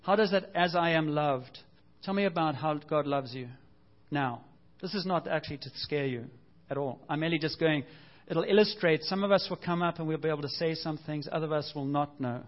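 A man's voice: fairly high pitch, fairly quick, highs cut off. A man preaching a sermon as pastor, earnest and conversational, asking the congregation rhetorical questions.

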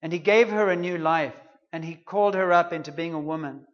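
A man's voice: fairly high pitch, a little fast, muffled recording. A man preaching a sermon, retelling a story in an earnest, conversational way.

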